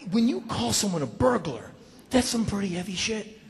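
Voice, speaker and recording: Emphatic, shouty male storyteller on stage. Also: high-pitched, animated, quick pace. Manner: emphatic, repeats lines in rising shouted bursts. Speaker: spoken word performer. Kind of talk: live comic storytelling. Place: stage in a large hall. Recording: live hall reverb, faint ambience.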